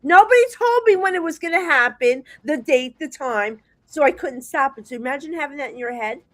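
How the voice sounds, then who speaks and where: A chatty New Jersey woman, a psychic guest, tells stories in a high, brisk voice. Her animated, rambling delivery is full of restarts, and the audio is poor though free of echo.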